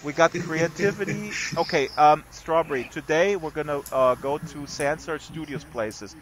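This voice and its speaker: A man's voice: a little high, moderate pace. A man hosting a casual live stream chat in a virtual world, playful and joking with a rowdy group. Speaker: host.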